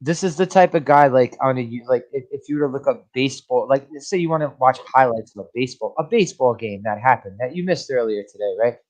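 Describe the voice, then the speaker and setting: A man's voice: mid-range voice, lively intonation, fast talker, hardly any pauses. Man, podcast co-host, blunt, swears a lot, ranting riffs, casual movie chat. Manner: blunt, profane, riffing rants.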